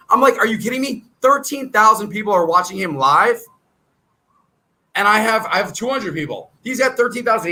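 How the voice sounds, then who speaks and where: A man's voice: high-pitched, pushed and bright, low-quality recording. A middle-aged man hosting his own trading channel, talking straight to viewers in a rambling, salesy, combative way. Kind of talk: casual monologue to viewers.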